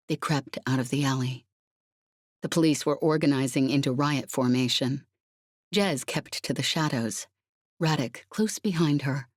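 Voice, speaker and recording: Low, husky woman narrating an audiobook. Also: a little mellow, no room sound, clean studio sound.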